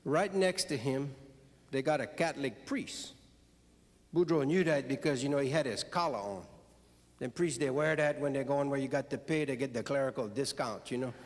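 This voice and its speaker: A man's voice: medium pitch, moderate pace, a little hiss or hum. A man with a Cajun accent telling jokes on stage to a live audience in a folksy, drawling way. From South Louisiana. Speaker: storyteller and comedian. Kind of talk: stand-up joke telling. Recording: long hall reverb.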